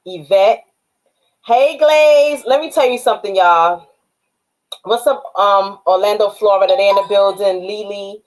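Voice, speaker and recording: A woman's voice: medium pitch, unhurried, low-quality recording. A woman with a New York accent, hosting a casual livestream and talking straight and streetwise to her viewers. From Harlem, New York. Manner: shouts out viewers by name, streetwise and direct. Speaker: livestream host and author.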